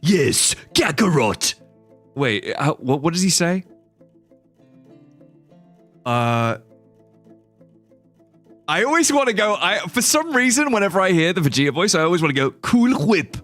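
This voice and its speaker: A young English man streaming live gameplay, talking casually with viewers and reading out chat. His voice swings freely up and down as he jokes and swears. Soft guitar music plays faintly underneath. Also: high voice, sing-song, normal speed, long pauses. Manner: chatty, swears, laughs often, reads out chat. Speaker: livestreamer.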